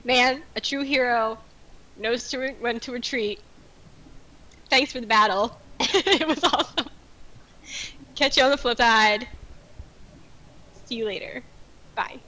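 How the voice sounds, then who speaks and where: A woman's voice: on the high side, measured pace, pauses often, pushed and bright, rough recording. A woman voicing her adventurer who chats playfully in Goblin. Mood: breezy. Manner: playful, breezy.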